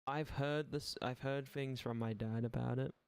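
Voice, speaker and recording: A man's voice: mid-range voice, steady tone, normal speed, vocal fry, clear, resonant tone. A young Irish man chatting casually on his live stream, rambling, swearing freely and making dry, sarcastic asides. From Ireland. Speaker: livestream gaming host.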